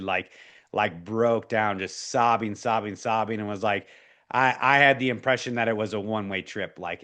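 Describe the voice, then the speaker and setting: A man's voice: lowish voice, fairly bright tone. A man in his forties, a guest in an interview, telling a personal faith story in an earnest, emotional way, full of restarts and fillers.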